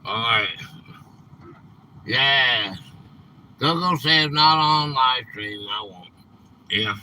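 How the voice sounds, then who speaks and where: A man hosting a casual live stream, rambling and quick to get frustrated, saying "man" a lot. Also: medium pitch, expressive, sharp tone, slight background noise, low-quality recording. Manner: rambling, easily frustrated, says "man" often.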